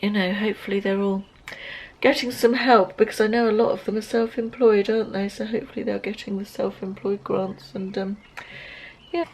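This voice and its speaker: A woman's voice: mid-range voice, fairly even intonation, a little fast, darkish tone, a little hiss or hum. A woman, vlogging casually at home in a chatty, rambling way and correcting herself as she goes. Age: 50s. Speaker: lifestyle vlogger. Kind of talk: casual vlog chat to camera. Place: at home, indoors.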